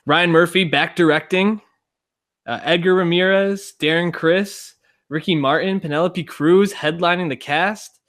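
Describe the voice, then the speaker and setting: A man co-hosting a podcast, casually chatting about a TV show in a relaxed, conversational way. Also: high-pitched, measured pace. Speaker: podcast co-host. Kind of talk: casual review chat.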